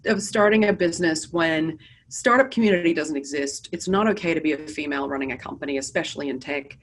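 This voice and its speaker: Low-voiced American woman, candid guest. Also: quick pace, slight background noise. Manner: candid, lively and self-deprecating. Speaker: guest, business founder. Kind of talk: casual interview storytelling. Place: office.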